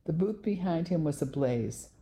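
A woman narrating a novel in the first person, telling the story in a clear, measured way. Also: deep voice, expressive, mellow, slight background noise. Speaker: audiobook narrator.

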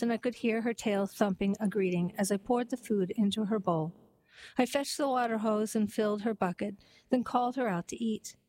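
A woman narrating a heartwarming story and then reading a poem aloud in a gentle, even storytelling manner. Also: a little high, poor audio.

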